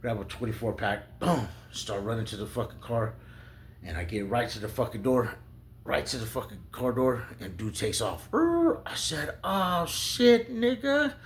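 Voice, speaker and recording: A young adult man telling a rambling, profane story in a casual, animated way. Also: on the low side, moderate pace, slight background noise.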